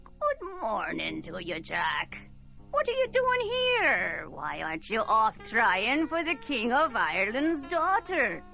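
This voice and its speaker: A woman voicing a knowing old woman who confides news slowly. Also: a little high, huge pitch swings, vocal fry, bright, forceful tone, soft background music, full character voice. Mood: confiding.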